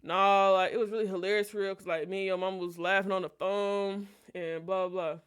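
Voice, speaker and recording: A woman's voice: mid-range voice, fairly even intonation, a little fast, clear, resonant tone, voice pushed down, lightly acted. A woman voicing her laid-back young male ex, who talks in a nonchalant drawl. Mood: amused.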